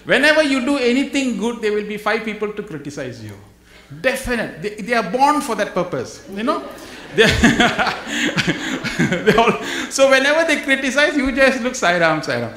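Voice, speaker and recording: A man giving an animated spiritual talk to a live audience, acting out little scenes and chuckling often. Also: very high voice, normal speed. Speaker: guest speaker at a spiritual gathering. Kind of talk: spiritual talk with humorous anecdotes. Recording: roomy hall echo.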